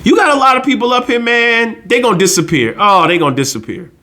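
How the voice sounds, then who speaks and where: A man's voice: extremely high pitch, expressive, quick pace, bright, forceful tone, slight background noise. A man hosting his own finance channel, giving a blunt, slangy, preachy casual monologue.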